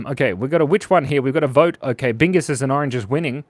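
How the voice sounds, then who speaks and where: A man's voice: mid-range voice, quick pace. A man hosting a live drawing stream, chatting playfully and reading out viewer comments as he draws. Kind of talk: casual live-stream chat while drawing.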